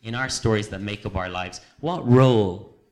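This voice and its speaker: A man giving an informal sermon, conversational, with many fillers and restarts, quiet at times and emphatic at others. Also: lowish voice, moderate pace. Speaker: preacher.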